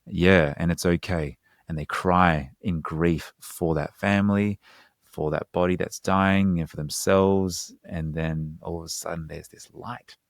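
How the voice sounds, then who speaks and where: Low-voiced guy on a podcast, earnest, explains stuff with casual slang, dry close mic. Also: steady tone, a little slow, vocal fry, dry recording. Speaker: hypnotherapist guest.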